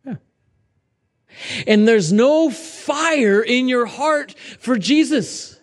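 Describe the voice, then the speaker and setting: A young adult man preaching a sermon, conversational and animated, swinging between raised urgency and hushed asides. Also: extremely high pitch, slow pace. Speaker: pastor.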